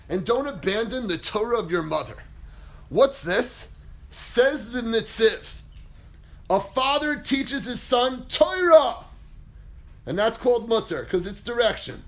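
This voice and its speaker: A man with a very high voice delivers an animated Torah lecture. He acts out quotes dramatically, jumping between loud bursts and near-whispers. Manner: dramatic, acts out quotes, big swings in pitch and volume. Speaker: rabbi teaching a class.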